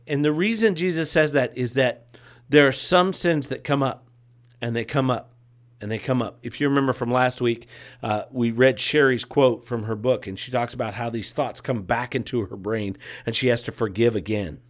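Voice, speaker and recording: A man's voice: mid-range voice, normal speed. A man preaching a sermon as a pastor, with a repetitive, emphatic cadence and casual asides.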